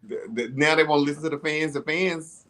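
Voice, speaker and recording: A man co-hosting a casual recap chat, relaxed and giggly with joking remarks. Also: fairly high pitch, brisk. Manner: laid-back, giggly, joking. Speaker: podcast co-host.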